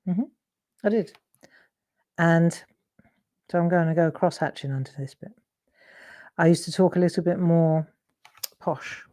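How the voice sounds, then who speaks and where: A middle-aged woman hosts a live drawing demonstration, chatting casually in a rambling way and often interrupting herself. Her voice is lowish and mellow, with fairly even intonation and an unhurried delivery broken by frequent pauses. She is a craft demonstrator and host.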